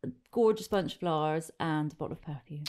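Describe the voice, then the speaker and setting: A middle-aged woman recounts her weekend in a relaxed, chatty way. Her voice sits a little low and stays easy. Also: fairly quick. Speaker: podcast guest. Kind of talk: casual chat.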